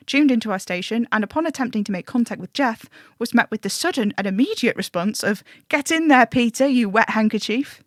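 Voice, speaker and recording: A woman's voice: mid-range voice, fairly bright tone, no echo, clean studio sound, natural voice. A woman voicing an earnest, matter-of-fact stand-in male radio advice host who over-explains things, in an audio drama. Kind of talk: scripted audio drama monologue.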